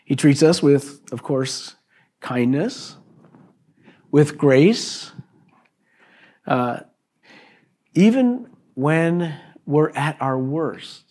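Male pastor, slightly higher voice, conversational sermon delivery, checks in with the congregation, acts out dialogue. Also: lively intonation, extremely slow, pauses often, darkish tone. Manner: conversational preaching with frequent "okay" and "right?" asides; acts out quoted exchanges with his neighbor. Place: church service before a congregation.

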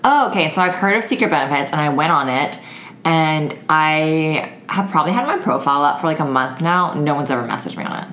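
A woman with a very deep voice hosts a relaxed chat, asking easy questions. The room around her is echoey. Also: brisk. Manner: easygoing, asks questions, short agreeing replies. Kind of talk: casual chat.

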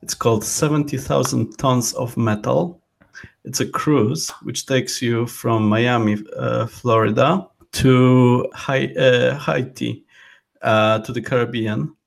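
A man's voice: medium pitch, steady tone, takes it slowly, creaky. A man talking as a podcast guest in casual chat, hesitant and full of fillers. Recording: lo-fi audio.

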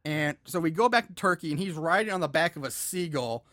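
Slightly high-voiced man recapping a movie. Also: expressive, fairly quick, fairly bright tone, dry recording, clean studio sound. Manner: rambling plot summary with many "like" fillers. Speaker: podcast co-host. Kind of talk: casual movie recap chat.

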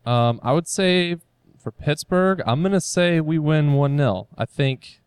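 A man co-hosts a sports podcast, thinking aloud and hesitating as he works through his picks. His voice is smooth and resonant, and the sound is dry and close to the mic. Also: a little high, a little slow, no echo. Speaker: podcast co-host. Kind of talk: casual sports podcast chat.

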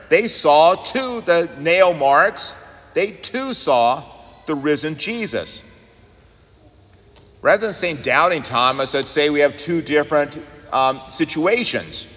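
A man, a pastor, preaching an earnest sermon in a church, rising and quickening on key points. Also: on the high side, bright, forceful tone. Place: church sanctuary. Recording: long church reverb.

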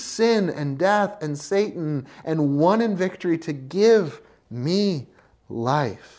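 A preacher delivering a passionate sermon, swinging from hushed, intimate lines to loud, emphatic ones, and addressing listeners as friends. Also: medium pitch, expressive, takes it slowly.

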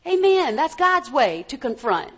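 A woman's voice: high-pitched, very animated, measured pace, a bit bright. A woman preacher giving a conversational sermon, stopping to ask her congregation for an amen. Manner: conversational, calls for amens from the congregation.

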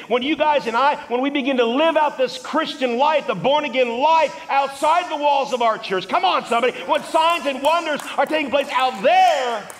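A male pastor preaching a fervent sermon to a congregation in a large church auditorium, swinging from shouts to hushed asides. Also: very high voice. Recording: reverberant hall.

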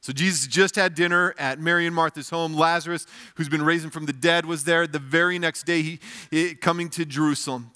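A man preaching in a church, walking listeners through a passage in a plain, conversational way. His voice sits a little high and rings bright and forceful. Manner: explains scripture in plain, conversational terms; prays in a softer, lower voice. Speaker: pastor. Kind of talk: sermon.

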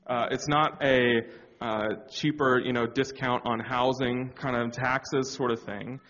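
A man's voice: mid-range voice, flat delivery, measured pace, fairly bright tone. A man telling his marriage story as a personal testimony in a church talk, candid and reflective with many fillers. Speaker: church speaker. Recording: dull sound with long hall reverb.

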